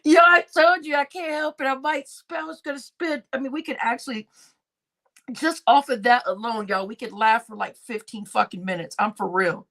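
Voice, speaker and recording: A woman's voice: fairly high pitch, moderate pace, bright, forceful tone. A woman hosting a casual livestream, laughing constantly between remarks and swearing freely. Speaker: livestream host.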